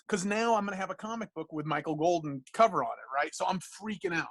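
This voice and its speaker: A man, a comic book artist and podcast guest, telling a casual anecdote in an animated, profane, rambling way full of fillers. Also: high-pitched, fast talker, few pauses.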